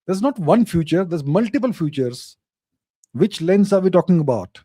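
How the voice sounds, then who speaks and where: A man's voice: sits high, big pitch swings, normal speed, warm tone, breathy edge, dry recording. A man hosting a live question-and-answer show, reading out viewers' questions and answering in short, emphatic, repeated phrases. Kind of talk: casual live Q&A monologue.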